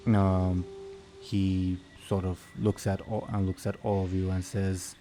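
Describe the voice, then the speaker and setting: A man narrating as game master of a tabletop game, slow and halting with many fillers. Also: low-pitched, little pitch movement, dark tone, faint music behind.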